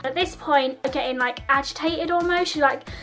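A woman's voice: sits high, normal speed, a bit bright, faint music behind. A young woman, a makeup artist, retelling a story casually and with exasperation.

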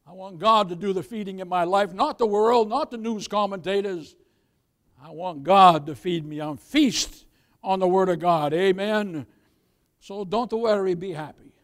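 An older man preaching with a high, ringing voice, pushing phrases louder and calling for an amen. He shifts into a soft, chuckling storyteller tone when telling anecdotes. The delivery is that of a pastor working a congregation. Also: moderate pace. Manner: preaching with rising emphasis and call-and-response "amen". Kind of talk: sermon.

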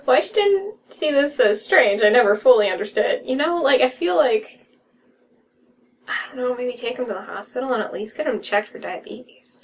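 Higher-voiced woman, a bit off-mic, giggly. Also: animated, far from the mic, slight background noise, low-quality recording. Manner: giggly, quick to laugh and riff on jokes. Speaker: co-host reading horror stories aloud. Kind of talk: casual reading and chatty reactions.

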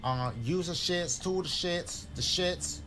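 A man playing a horror game and commenting loudly and profanely in casual let's-play style. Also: high voice, takes it slowly, background noise. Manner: loud, profane, animated.

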